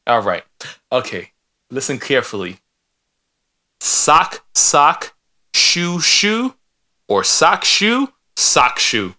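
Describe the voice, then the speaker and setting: A man's voice: fairly high pitch, huge pitch swings, slow pace, long pauses, pushed and bright. A man co-hosting a podcast in casual chat, teasing his co-host and laughing often.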